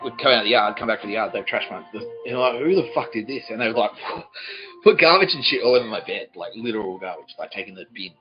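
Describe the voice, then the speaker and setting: A man's voice: fairly low pitch, highs cut off. A man hosting a podcast, telling a rambling, profane comic story. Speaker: podcast host.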